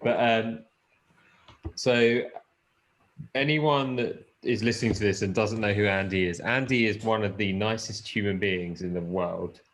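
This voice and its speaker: Low-voiced chatty man hosting a podcast. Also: a little slow, fairly bright tone, slight background noise. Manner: chatty, rambling, with fillers and swearing. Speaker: podcast host. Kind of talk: casual chat. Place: lives in the Peak District.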